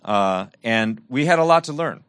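A middle-aged man preaches with earnest conviction, weaving personal stories into his sermon. His voice sits at an ordinary pitch, rising for emphasis and sinking into soft, hushed reflection. The recording is close and dry, with no room echo. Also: lively intonation, normal speed, clean tone.

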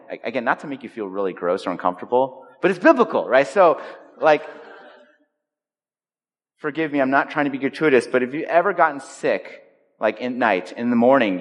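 A pastor preaching a sermon to his church, animated and dramatic, swinging between loud exclamations and slow, quiet lines. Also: mid-range voice, lo-fi sound. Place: church sanctuary. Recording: long reverb of a large hall.

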